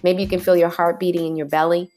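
A woman hosting a motivational podcast, talking listeners through guided breathing. She speaks in a lively, colloquial way and drops in "y'all" asides. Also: on the low side, fast talker, soft background music. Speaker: podcast host.

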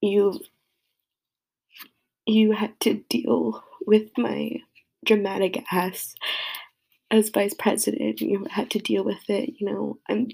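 A woman's voice: mid-range voice, flat delivery, takes it slowly, creaky, pauses often, darkish tone, breathy edge. A young woman crying as she gives a rambling, heartfelt tribute to a friend. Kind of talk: emotional personal tribute.

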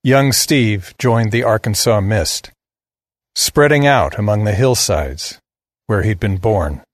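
Low-voiced man narrating a sardonic tale. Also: animated, slow pace, no room sound, clean studio sound. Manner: blunt, sardonic. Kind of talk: scripted narration.

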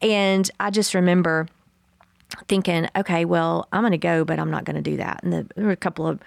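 A woman co-host tells a story in a relaxed podcast chat. Her voice sits a little low and has a gravelly edge, and she acts out the quotes with animation. The sound is close and dry. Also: a little fast, dry recording.

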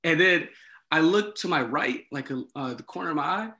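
A man speaking with a bright, forceful edge and a voice that sits a little high. He tells his story animatedly, acting out the dialogue and filling gaps with "like" and "you know.". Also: moderate pace. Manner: animated, acts out dialogue, many fillers. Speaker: former resident assistant. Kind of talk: casual storytelling.

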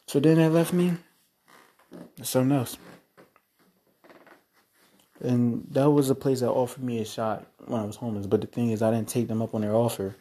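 A man's voice: medium pitch, dark tone. A man who wrestles, talking casually and rambling about his past with boasts and swearing. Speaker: independent wrestler. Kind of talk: casual monologue.

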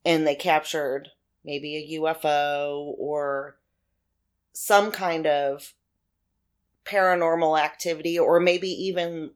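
A woman's voice: sits low, steady tone, takes it slowly, clear, resonant tone. A woman co-hosting a podcast, chatting casually and speculating through theories with frequent restarts. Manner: speculative, conversational, with many restarts. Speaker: podcast co-host.

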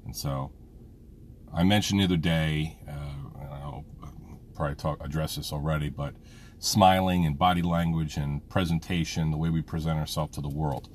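A man with an extremely deep, low voice talks through a casual personal monologue, rambling and frank, with swearing dropped in freely. He sounds middle-aged, speaking as a father. A faint hum of vehicle noise sits behind him. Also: steady tone, normal speed. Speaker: vlogger, father.

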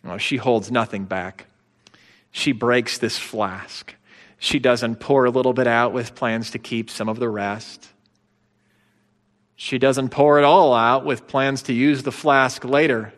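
A man pastor preaching a sermon, swinging between hushed, slow passages and emphatic, rising ones. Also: medium pitch, in a large hall. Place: church sanctuary.

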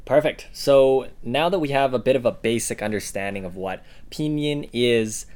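A man co-hosting a language-learning podcast, giving listeners steady instructions with frequent fillers. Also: medium pitch, moderate pace. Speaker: podcast co-host. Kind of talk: casual podcast lesson.

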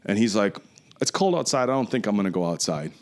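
A man in his forties on a casual podcast telling a profane, animated story. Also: fairly low pitch, quick pace. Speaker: podcast host.

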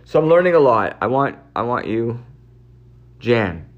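A man's voice: medium pitch, big pitch swings, unhurried, dull audio. A man in his forties hosting a live stream, chatting with a caller in a scattered, rambling way, often repeating himself. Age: 40s. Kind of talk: casual live chat with a caller.

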